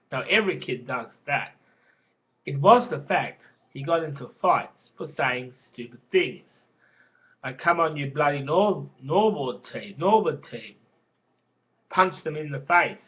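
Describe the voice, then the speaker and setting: A man with a fairly high voice spins a crude, rambling story at a slow, unhurried pace. He stumbles over and restarts his words, and the recording sounds dull and lo-fi. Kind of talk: casual spoken storytelling.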